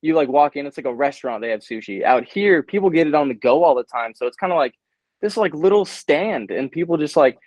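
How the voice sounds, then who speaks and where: A young man talking as an interview guest, energetic and slangy, full of hype. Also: on the high side, fairly quick, no echo. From United States. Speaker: guest, baseball prospect. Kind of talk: casual interview chat. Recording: dull, dry remote call audio.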